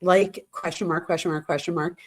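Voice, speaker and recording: A woman's voice: on the low side, fairly even intonation, fairly quick. Woman reading texts aloud with asides. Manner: reads messages in quotes, adding shocked asides. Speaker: true crime commentary host. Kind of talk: reading text messages aloud with commentary.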